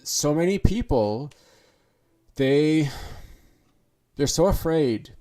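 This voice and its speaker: A man's voice: on the high side, expressive, drawn-out words, dark tone. A man hosting a podcast, talking in an earnest, rambling monologue full of restarts. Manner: earnest, rambling, with restarts and acted inner thoughts. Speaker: podcast host. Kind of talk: casual monologue.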